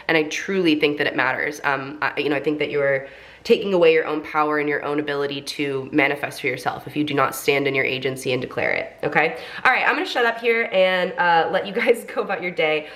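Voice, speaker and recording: A young woman with a low, fairly bright voice, congested from a cold, reads tarot cards. She's chatty and encouraging, with lots of filler words.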